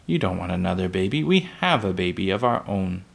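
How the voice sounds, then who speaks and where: A man's voice: low voice, big pitch swings, a little fast, gravelly, breathy edge, full character voice. Man doing pioneer mother, scolding, exasperated, storybook. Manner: scolding, exclaiming.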